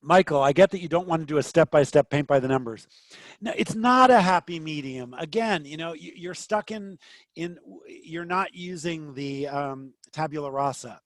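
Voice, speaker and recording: A man's voice: on the high side, normal speed, dry recording. A man leading an online trading class, answering questions bluntly and with growing impatience. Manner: blunt, impatient, rising to frustrated. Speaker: trading instructor. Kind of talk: live online teaching session.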